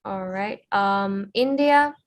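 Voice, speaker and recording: A woman's voice: mid-range voice, slow pace. A woman chairing an online committee, calling the roll over a video call in a hesitant way with many fillers.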